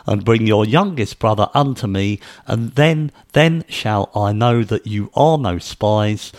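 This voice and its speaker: A man's voice: fairly low pitch, darkish tone. A man reading anxious pleading brothers. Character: anxious grown brothers pleading their case.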